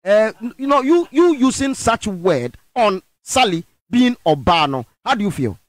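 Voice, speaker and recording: A Ghanaian man hosting a radio interview, his voice fairly high. He asks his questions haltingly, stacking fillers and mixing languages. The recording is dry and close. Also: very animated, no echo. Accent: Ghanaian English. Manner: halting, with many fillers and code-switching. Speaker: radio show host.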